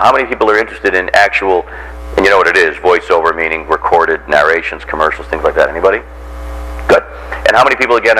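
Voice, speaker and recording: Older guy, radio host talking to a class, deep and crisp, kinda chatty. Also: sharp tone, slight background noise, poor audio. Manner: chatty, self-correcting. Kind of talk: relaxed classroom talk.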